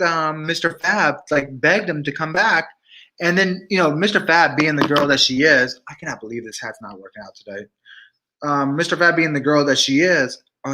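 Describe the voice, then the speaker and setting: A man's voice: a little high, sharp tone. A man giving casual, sassy gossip commentary to his viewers, chatty and talking straight to the live chat. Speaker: vlogger.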